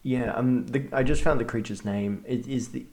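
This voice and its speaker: A man's voice: medium pitch, steady tone, normal speed, darkish tone. A man hosting a casual panel discussion, self-deprecating and apologetic.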